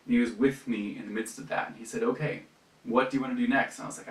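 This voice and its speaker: A man's voice: mid-range voice, fairly even intonation, quick pace. A young adult man giving a personal faith testimony at a retreat, reflective and conversational, with frequent fillers and restarts. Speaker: retreat speaker. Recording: roomy, from a distance.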